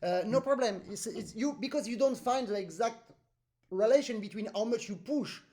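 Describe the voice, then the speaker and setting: A French-accented man with a high voice gives an accordion master class over a video call. He is patient, explains with vivid everyday comparisons and sings out the rhythms he wants. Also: normal speed, darkish tone. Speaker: accordion teacher.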